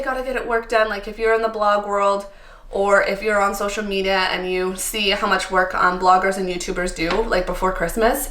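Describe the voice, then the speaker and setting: Bright and forceful at medium pitch, this Canadian woman in her thirties vlogs to camera in an echoey room. She sounds candid, tired and a little emotional, her casual chatter loaded with ums and likes.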